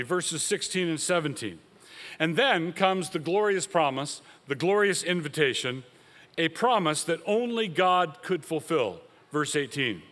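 Emphatic preacher man, slightly high voice. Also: a bit bright, in a large hall. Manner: emphatic, rising sharply for quoted voices. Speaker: pastor. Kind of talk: sermon.

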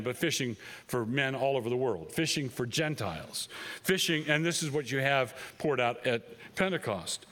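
A man's voice: on the high side, a bit bright. A male pastor preaching a sermon, stressing points by repeating phrases.

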